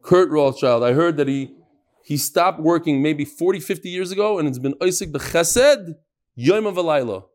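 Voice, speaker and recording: A man leading a daily Talmud class, his voice a little higher than most men's. He talks in a lively, jokey way and reads out listener messages to the people in the room. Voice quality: animated, jokey, quick shifts in pitch. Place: room with a live audience.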